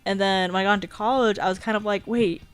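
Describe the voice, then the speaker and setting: A woman's voice: medium pitch, fairly even intonation, rapid-fire, clear, resonant tone. A young woman in her twenties streaming a casual chat, rambling with lots of fillers and giggling often. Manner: filler-heavy, frequent "like".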